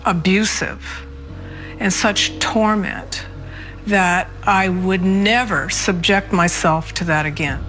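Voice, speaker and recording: A woman near tears, giving halting, emotional testimony in an interview about her family. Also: medium pitch, steady tone. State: tearful, near crying. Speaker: mother recounting an ordeal. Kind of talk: documentary interview. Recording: soft music underneath.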